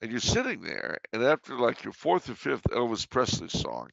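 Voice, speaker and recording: Man chatting playfully, gravelly voice, dry kinda dull recording. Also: medium pitch, huge pitch swings, normal speed, hardly any pauses, dry recording. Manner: storytelling, chuckling, playful. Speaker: regular guest answering questions. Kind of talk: casual chat.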